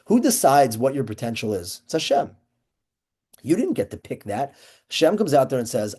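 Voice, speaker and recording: A man's voice: medium pitch, sing-song, moderate pace, dark tone, breathy edge. A man giving a casual Torah class, talking loosely with restarts and Hebrew terms mixed in. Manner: conversational, many restarts and fillers, Yeshivish Hebrew terms. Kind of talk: casual lecture on a Jewish ethics text.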